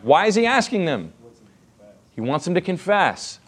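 A man's voice: a little high, big pitch swings, moderate pace, fairly bright tone. A man in his thirties teaching a Bible class in a casual, conversational way, with many rhetorical questions.

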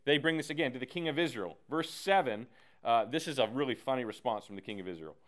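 A man leading a casual Bible study, animated and slangy, acting out the characters as he teaches. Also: medium pitch, fast talker. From United States.

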